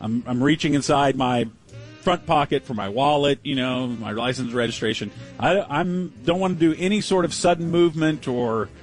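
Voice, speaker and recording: A man's voice: mid-range voice, normal speed, soft background music, low-quality recording. A man hosting a sports radio show, telling a story in a chatty, self-deprecating way from a studio. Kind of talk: casual storytelling on air.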